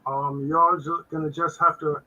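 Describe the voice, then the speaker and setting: An older man with a raspy, fairly high-pitched voice gives a faith-based finance talk as a guest accountant over a video call. His delivery is flat yet bright and forceful, halting with many fillers and restarts, and the recording sounds muffled.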